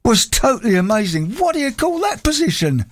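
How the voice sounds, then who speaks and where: A man voicing a brisk young woman in a joke, matter-of-fact and businesslike. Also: very high voice, very animated, no room sound, voice pushed up, full character voice.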